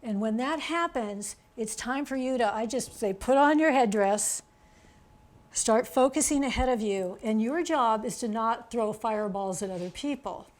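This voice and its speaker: Speaking at a normal speed and fairly high pitch, a woman author presents to an audience in a lively, chatty way. She points to features on a chart and keeps asking "okay?" to check in.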